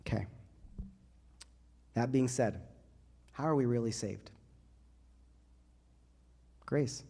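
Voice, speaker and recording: Priest preaching with rising emphasis. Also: male voice, medium pitch, slow pace, vocal fry, slightly rough. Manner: builds to loud, rising emphasis in repeated phrases. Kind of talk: sermon to a youth group. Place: church.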